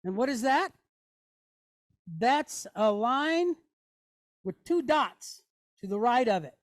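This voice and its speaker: A woman's voice: fairly high pitch, animated, takes it slowly, no room sound, studio quality. A woman teaching a class in a chatty way, often checking in with "okay?" and "right?". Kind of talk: classroom lesson.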